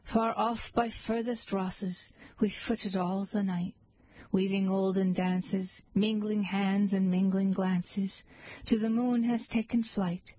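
A woman reading poems aloud in a slow, measured, lilting recitation. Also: medium pitch, steady tone, dark tone, no echo, low-quality recording. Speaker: poetry reader.

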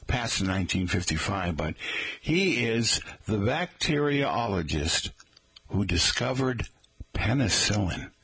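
Husky-voiced chatty middle-aged man. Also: mid-range voice, fairly bright tone, no echo. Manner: chatty, rambling, addresses listeners as folks. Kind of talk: casual talk monologue.

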